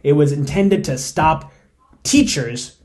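Emphatic, opinionated podcast host, slightly high voice. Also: male voice, animated, slow pace. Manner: emphatic and opinionated, swinging between loud stresses and quiet asides; suppressing laughter while reading. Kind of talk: solo political commentary.

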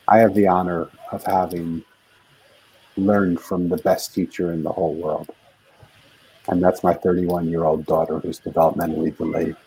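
A man's voice: sits low, mellow, a little hiss or hum, low-quality recording. An older man, a guest author, telling a heartfelt story in an interview with earnest, building intensity.

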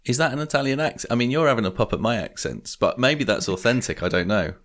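A man's voice: mid-range voice, expressive, fast, a bit bright. A man co-hosting a podcast in casual chat, wry and jokey, slipping into hammy quoted voices. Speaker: podcast co-host.

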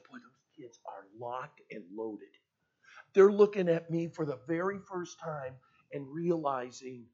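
A male preacher telling a story in a sermon to teenagers, swinging between hushed and loud, on a dull lo-fi recording. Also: a little high, lively intonation, measured pace.

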